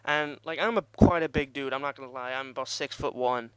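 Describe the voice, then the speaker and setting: A man's voice: mid-range voice, fairly quick, a bit bright, smooth, no echo. Rambling, swearing young man. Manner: rambling, profane, laughs at himself. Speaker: vlogger. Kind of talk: casual storytelling.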